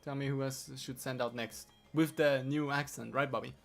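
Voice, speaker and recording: A man's voice: medium pitch, fairly even intonation, normal speed, creaky, soft background music. A man live-streaming a game, teasing and swearing at his AI helper with exasperated laughs. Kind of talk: live-stream gaming chat.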